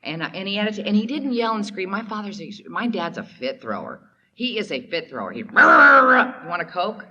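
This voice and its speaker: A woman's voice: mid-range voice, big pitch swings, fairly quick, highs cut off. A woman from Oklahoma sharing her personal story at a recovery meeting, candid and emotional, with many fillers. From Oklahoma, USA. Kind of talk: personal testimony talk. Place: meeting hall at a recovery convention.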